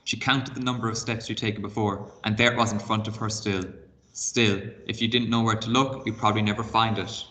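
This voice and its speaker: A man's voice: fairly low pitch, level tone, brisk, bright, forceful tone. A man teaching a primary class by video, reading a novel aloud with expression and stopping to explain words and set reading tasks.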